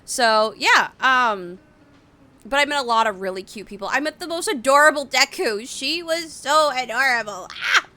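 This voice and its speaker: A woman's voice: sits high, animated, normal speed, sharp tone. A woman in her late twenties rambling casually on a live stream, reading out chat messages and answering them. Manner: rambling, chatty, reads chat aloud.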